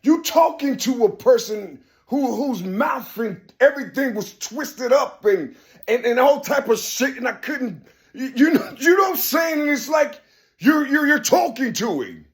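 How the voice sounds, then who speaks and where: A man in his fifties, alone at home, talking in an emphatic, preachy monologue that keeps breaking into shouts. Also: very high-pitched, lively intonation, unhurried. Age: 50s. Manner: emphatic, preachy, repeats "you see", bursts into shouting. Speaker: video blogger. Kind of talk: solo monologue rant.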